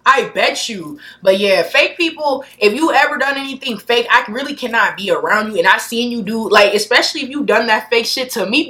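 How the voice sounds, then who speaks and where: Bright-voiced blunt young woman ranting. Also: normal speed. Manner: blunt, profane, swings from loud outbursts to low mutters. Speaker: podcast host. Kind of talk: unscripted solo podcast rant.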